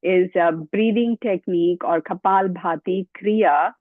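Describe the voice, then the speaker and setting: A woman yoga teacher talks slowly and steadily, guiding each move and counting the reps aloud, sometimes short of breath. Her voice comes through a thin, phone-like band with a dry, close sound. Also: on the low side, no echo. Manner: counts repetitions aloud, gives step-by-step cues. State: out of breath at times. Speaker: yoga instructor. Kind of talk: guided exercise instruction.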